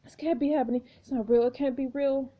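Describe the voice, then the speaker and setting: A woman's voice: high-pitched, fairly even intonation, fast, dull audio. A woman voicing an overwhelmed young man in a story game, talking in panicked, clipped bursts.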